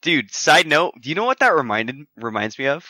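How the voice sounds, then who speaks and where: A man's voice: fairly high pitch, very animated, fairly quick, pushed and bright, no room sound, studio quality. A man co-hosting a podcast, telling crude joking stories in casual chat and laughing often. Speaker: podcast co-host.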